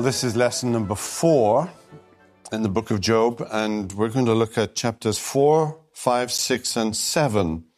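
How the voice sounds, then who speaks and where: A man giving a recorded Bible lecture, speaking deliberately and emphatically, slowing down to stress key phrases. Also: fairly low pitch. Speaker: Bible teacher.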